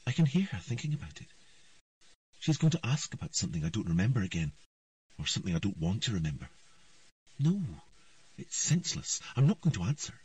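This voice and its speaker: A man voicing a young girl princess who is haunted and withdrawn, speaking quickly and plaintively. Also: lowish voice, very animated, a little mellow, dry recording, distant mic, dull audio. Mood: brooding.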